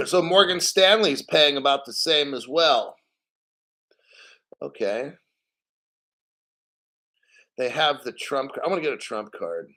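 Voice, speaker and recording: A man's voice: on the high side, slow pace, creaky, pauses often, bright, forceful tone. A man hosting a casual livestream, reading financial news and chat comments aloud and giving blunt, profane opinions.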